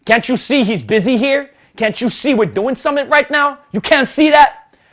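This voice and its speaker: A man voicing a huge, aggressive skinhead meathead who talks loud and pushy. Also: very high voice, big pitch swings, a little fast, pitched above the performer's own voice, heavily acted. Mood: confrontational.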